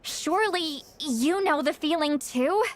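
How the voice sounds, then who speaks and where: A woman's voice: sits high, measured pace, slight background noise. A woman voicing a centuries-old woman in a youthful body, flustered, sighing and stammering, in video game dialogue.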